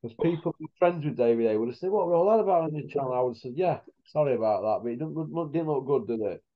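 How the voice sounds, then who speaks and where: A host with a slightly high, expressive voice talks fast through a casual chat, spinning rambling stories in blunt northern English slang. The sound is dull and lo-fi.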